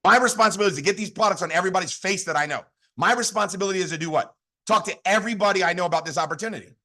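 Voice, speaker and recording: Fired-up man with a high, bright voice. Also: rapid-fire. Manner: fired-up, repetitive, call-and-response. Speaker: network marketing leader. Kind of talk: motivational training talk.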